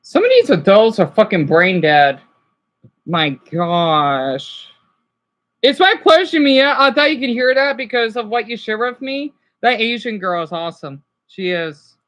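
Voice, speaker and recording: A woman's voice: a little high, very animated, a little slow, a bit bright. A woman streaming live and chatting casually with her viewers.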